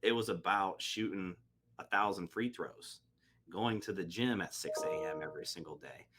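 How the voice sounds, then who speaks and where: A man with a very deep voice, speaking as a podcast host in an earnest, motivational way. He builds his point step by step, with casual asides. His tone stays conversational. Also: moderate pace, music in the background. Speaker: podcast host, real estate agent. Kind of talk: casual interview chat.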